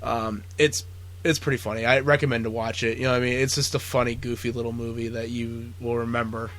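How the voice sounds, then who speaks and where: A man's voice: medium pitch, flat delivery, quick pace, a bit bright, a little hiss or hum. Rambling, profane male podcast host. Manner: rambling, profane, lots of fillers. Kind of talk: casual chat.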